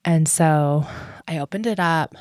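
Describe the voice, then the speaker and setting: A woman podcast host telling a personal story in a rambling, chatty way, full of "like" and "um" and quick laughs. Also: deep voice, darkish tone, dry recording, studio quality.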